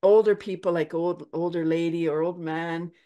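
Older lady chatting on a podcast, kinda low voice, keeps laughing and doing voices. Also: steady tone, normal speed, warm tone. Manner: chatty, laughs often, acts out quotes. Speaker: guest, laughter yoga teacher. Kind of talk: casual interview chat.

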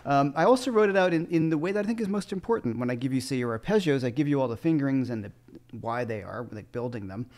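A man's voice: mid-range voice, expressive, fast talker, a little mellow. Man rambling through a livestream chat. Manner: loose, rambling asides. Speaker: guitar teacher.

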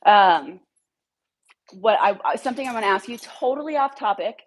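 A woman's voice: mid-range voice, expressive, moderate pace. A woman who runs a dog rescue, telling a heated story to her followers in a blunt way and swearing freely.

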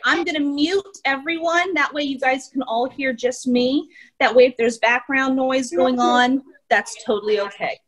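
A young woman with a Midwestern American accent, an art teacher reading a picture book aloud to young children on a video call, animated and encouraging. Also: sits high, slight background noise, poor audio. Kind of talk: children's storytime read-aloud.

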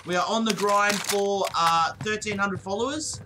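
A young man with an Australian accent chats away while streaming a shooter, his voice pitched high and quick to burst out. He swears freely and thanks his viewers over and over. Game noise and clicking sit clearly under his voice. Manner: excitable, swears often, thanks viewers profusely. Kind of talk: live-streamed gameplay chat.

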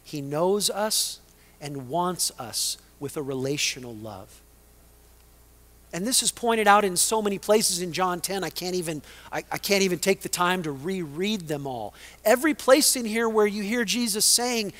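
A male pastor preaching a sermon, swinging between loud emphasis and hushed, dramatic lines. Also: high-pitched, expressive, moderate pace.

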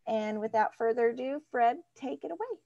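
A woman's voice: on the high side, expressive, moderate pace, mellow, no echo, lo-fi sound. A woman moderating an online class, welcoming everyone in a casual, light way with fillers.

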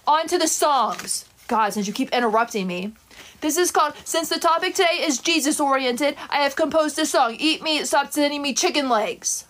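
Very high-voiced scolding woman streamer. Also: normal speed, a bit bright, a little hiss or hum. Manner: scolding, indignant, sing-song. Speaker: live streamer. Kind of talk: live stream chat with improvised singing.

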